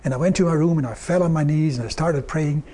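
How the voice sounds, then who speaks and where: An older man preaching a sermon, telling personal stories earnestly and quoting others in a softer, lower tone. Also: fast talker, slightly rough. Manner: earnest storytelling, quoting God and people in softer lower tones.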